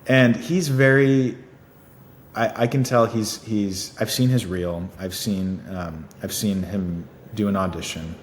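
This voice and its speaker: A man's voice: lowish voice, fairly even intonation, slow. A man, an actor being interviewed, chatting casually with many fillers and easy laughs. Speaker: actor guest. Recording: echoey room with faint noise.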